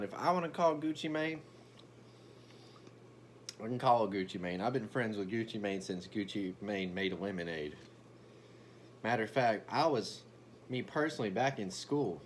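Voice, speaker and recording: Profane, brash man with a very low voice. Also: slight background noise. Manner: brash, profane, boastful rant with stammered restarts. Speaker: comedic commentary vlogger. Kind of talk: ranting comedic commentary.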